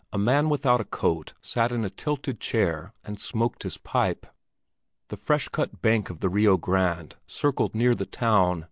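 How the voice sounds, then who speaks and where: Low-voiced male storyteller. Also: no room sound, clean studio sound. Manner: measured and descriptive. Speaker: narrator. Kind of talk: audiobook narration.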